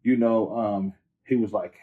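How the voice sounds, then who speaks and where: A husky-voiced man from the Bay Area talks in a loose, animated way, dropping slang and "you know" between every thought. His voice comes through a narrow, phone-like line, thin and boxy. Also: lowish voice, measured pace. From Bay Area, California. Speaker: rapper guest. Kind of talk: casual interview storytelling.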